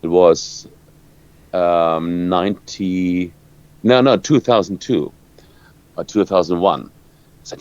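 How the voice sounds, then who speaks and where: A man from Germany with a German accent, a rock guitarist answering interview questions in halting English, searching for words and restarting often. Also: sits low, a little mellow, dry recording. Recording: dull lo-fi dry sound.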